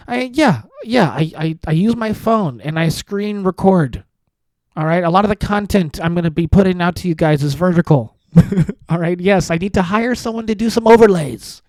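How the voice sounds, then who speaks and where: High-voiced self-mocking man hosting a podcast. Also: darkish tone, no room sound. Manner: self-deprecating, rambling with frequent restarts and laughs. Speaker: podcast host. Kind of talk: solo comedic podcast monologue.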